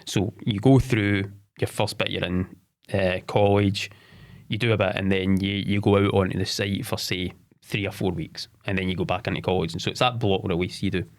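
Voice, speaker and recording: A man in his forties telling his own story as a podcast guest, candid and halting, often repeating words and starting over. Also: low-pitched, fairly even intonation.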